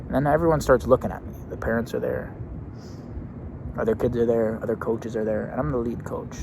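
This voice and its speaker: A man's voice: mid-range voice, steady tone, a little fast, creaky. Young guy ranting a story, swaggery, swears a lot, faint traffic hum outside. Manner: brash, profane, swaggering. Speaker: youth basketball coach. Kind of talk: casual storytelling rant.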